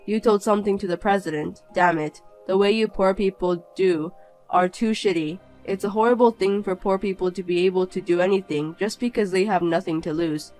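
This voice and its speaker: A woman voicing a snobbish, cheating rich young man in an animated story, sneering and then pleading. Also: medium pitch, brisk, soft background music, natural voice, poor audio.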